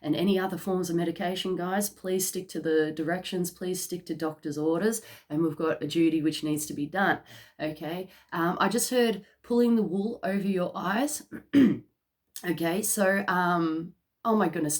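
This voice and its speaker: A woman with a lowish voice talks through a psychic card reading in a loose, conversational way. She keeps checking in with her listeners and fills her pauses with little fillers as she goes. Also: darkish tone. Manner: chatty, peppered with "okay?" check-ins and fillers. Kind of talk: casual channelled reading to camera.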